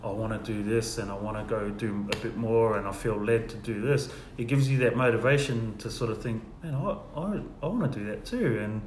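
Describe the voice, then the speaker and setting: A man shares church testimonies in a relaxed storytelling way and dips quietly into the voices of the people in his story. The room sounds echoey, with a faint hum of ambient noise behind him. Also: fairly low pitch, a little fast, few pauses. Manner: storytelling, acts out quoted dialogue softly. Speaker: guest sharing testimonies. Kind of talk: casual church testimony chat.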